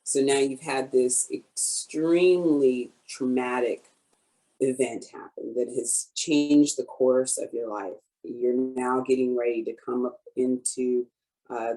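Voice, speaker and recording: Slow, mellow-voiced woman interviewer. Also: rumbling low, fairly even intonation, rough recording. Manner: slow, sympathetic questioning. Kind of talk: interview questions.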